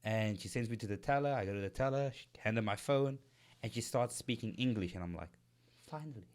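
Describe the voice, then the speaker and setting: A man co-hosting a casual podcast, telling animated stories and laughing often. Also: on the low side, quick pace. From foreign resident living in Korea. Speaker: podcast co-host. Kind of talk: casual chat.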